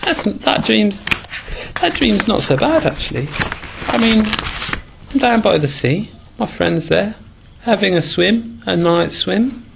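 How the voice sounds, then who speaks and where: A man raps rhymed dream stories over loud music and muses hesitantly between the verses. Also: high-pitched, animated, slow, gravelly, long pauses, a little hiss or hum. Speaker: comic rapper. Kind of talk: rapping dream stories in rhyme with chatty asides.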